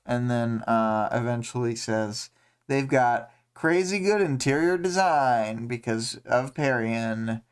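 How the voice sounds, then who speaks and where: A man's voice: medium pitch, expressive, slow pace, clear, resonant tone. A man hosting a casual livestream discussion, recapping a story with many ums and uhs and putting on voices for quoted lines. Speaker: podcast host.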